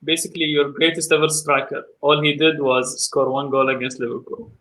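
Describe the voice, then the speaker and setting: Bright, sharp-voiced man teasing in football banter. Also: fairly high pitch, fairly even intonation, a little fast. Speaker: panelist, football fan. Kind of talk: casual banter.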